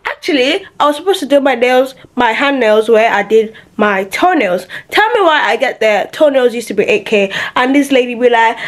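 A woman's voice: expressive, normal speed, rough recording. Sassy young woman vlogging. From Nigeria. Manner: chatty and sassy, with sudden high exclamations. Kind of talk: casual vlog chat to camera. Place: home, indoors.

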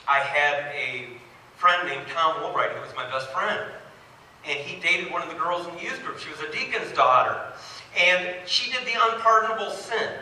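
Bright, animated male pastor in an echoey hall. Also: a little high, distant mic, slight background noise. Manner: animated storytelling with rising emphasis. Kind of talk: sermon. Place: church sanctuary. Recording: very echoey hall, mic from afar.

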